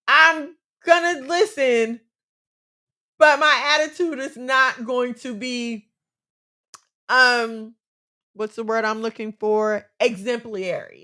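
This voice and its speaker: A woman's voice: a little high, slow pace, bright, forceful tone. A woman co-hosting a casual chat, giving earnest, faith-based relationship advice and repeating phrases for emphasis.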